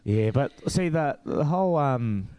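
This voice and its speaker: A New Zealand man in his thirties hosts a casual chat. His voice rises and falls widely as he tells animated stories, and he laughs often. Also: medium pitch, measured pace, clear, resonant tone, no echo.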